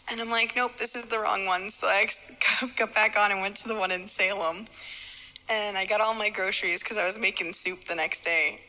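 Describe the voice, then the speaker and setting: A woman recounts a personal story in a loose, chatty way, acting out both sides of the conversation. Her voice is bright and forceful. A long, hall-like reverb trails behind her. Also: mid-range voice. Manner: chatty, laughing, acts out dialogue. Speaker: ministry student sharing a testimony. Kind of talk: casual storytelling.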